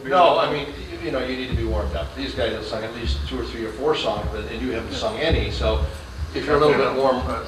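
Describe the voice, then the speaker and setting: Male vocal coach, mid-pitched, patient and hesitant, recorded from afar in an echoey room with faint hiss. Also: quick pace, far from the mic. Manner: patient, hesitant, demonstrates sounds. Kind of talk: quartet workshop instruction.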